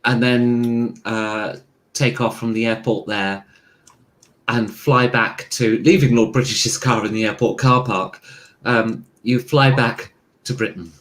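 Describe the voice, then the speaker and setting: A man's voice: mid-range voice, fairly even intonation, slow pace, fairly bright tone. A man narrating a tabletop game as game master, in a hesitant, dry manner.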